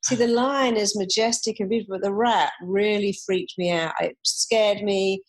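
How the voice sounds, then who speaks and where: A woman's voice: mid-range voice, fairly even intonation, moderate pace. A woman, a therapist guest in an interview, telling stories and acting out the voices of people she quotes. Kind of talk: conversational interview.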